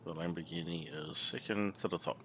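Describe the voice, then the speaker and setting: A man commenting casually on a racing game, relaxed and chatty with sudden excited outbursts and the odd swear word. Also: low voice, brisk. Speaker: gaming channel host. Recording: loud game engine noise behind.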